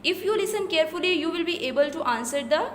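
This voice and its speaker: High-voiced teacher in an echoey room. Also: female voice, animated. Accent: Pakistani English. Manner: switches between English and Hindi-Urdu explanations; slow, careful reading of example sentences. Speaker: school English teacher. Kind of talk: recorded classroom lesson explaining exercises. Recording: echoey room, faint noise.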